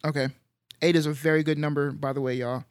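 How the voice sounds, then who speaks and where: A man's voice: fairly high pitch, fast, clean tone, dry recording. Man, podcast co-host, casual rambling chat, slangy, dry close recording. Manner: relaxed, rambling, uses slang and fillers.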